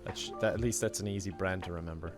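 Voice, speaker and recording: A man's voice: low voice, fairly even intonation, fast talker, over music. A young man streaming a game, chatting casually, laughing often and reading out donations. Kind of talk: casual live-stream chat while gaming.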